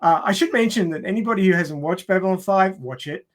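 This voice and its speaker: A man's voice: high voice, fast talker. An Australian man co-hosting a podcast in casual chat, reading a plot summary with lots of fillers and restarts. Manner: chatty, lots of fillers and restarts, laughs often.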